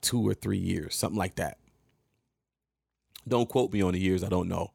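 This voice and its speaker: A man in his thirties telling a casual, profane story to his viewers in an animated way, often jumping into other people's voices. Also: lowish voice, gravelly, no echo, clean studio sound.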